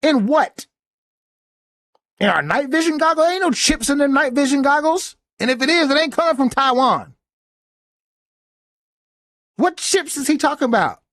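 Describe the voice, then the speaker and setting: A man's voice: very high-pitched, animated, normal speed, pauses often, fairly bright tone, no room sound. Male podcast host, soldier; indignant casual rant, cursing freely; dry close sound. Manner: blunt, profane, indignant. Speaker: podcast host reacting to a clip.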